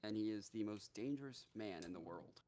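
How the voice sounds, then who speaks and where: A man on a live gaming stream casually retelling a story, animated and profane, with many fillers. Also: fairly low pitch, fairly quick, a little hiss or hum.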